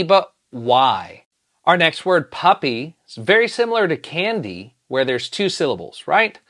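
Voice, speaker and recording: A teacher giving a phonics lesson, sounding out each letter slowly and patiently. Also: mid-range voice, very animated, a bit bright.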